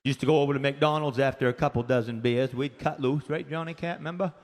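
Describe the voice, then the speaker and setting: A man's voice: medium pitch, steady tone, fast, darkish tone. A man from Maine with a Maine accent, doing rowdy, profane stand-up comedy, telling stories with acted-out voices. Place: comedy club stage. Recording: live club set with echoing reverb and faint room noise.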